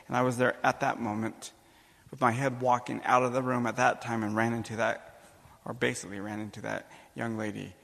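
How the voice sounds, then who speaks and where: Male priest, gravelly voice, animated storytelling sermon, long echoing hall reverb. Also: medium pitch, brisk. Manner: animated storytelling, acts out dialogue, emphatic rises. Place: church or conference hall.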